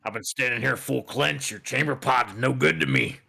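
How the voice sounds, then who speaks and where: A man voicing a drunk, obnoxious male centaur with a gravelly voice in a tabletop game. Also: medium pitch, a little fast, pushed and bright, voice pushed up, exaggerated voice. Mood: belligerent.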